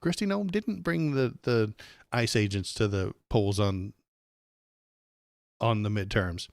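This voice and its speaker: A man's voice: fairly low pitch, takes it slowly, creaky, no echo, studio quality. A man voicing a childish, whiny crowd of political cheerleaders in a squealing, sing-song mock voice. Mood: mocking giddy.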